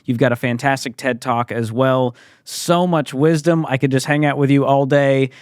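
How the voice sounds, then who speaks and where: A man's voice: medium pitch, fairly even intonation, moderate pace, smooth, no room sound, studio quality. A man hosting a business podcast, upbeat and complimentary as he wraps up an interview. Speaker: podcast host.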